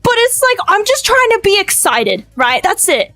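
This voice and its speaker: A woman with an Australian accent chatting on a live stream, energetic, loud and rambling. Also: very high-pitched, normal speed, no room sound, faint music behind, rough recording. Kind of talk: casual live-stream chat.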